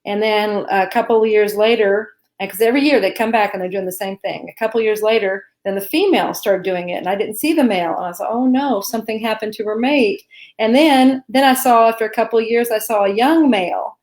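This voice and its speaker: A woman's voice: medium pitch, fast, a little mellow. A woman from Arkansas co-hosting a live spiritual Q&A, talking in a reassuring, chatty way and laughing often. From Arkansas, USA. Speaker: co-host. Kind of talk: live Q&A chat. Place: home.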